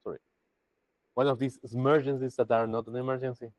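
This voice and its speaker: A man's voice: mid-range voice, brisk, no room sound, poor audio. A man teaching a Buddhist practice to a group over a video call, chatty and full of restarts. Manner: lively, chatty, with many restarts.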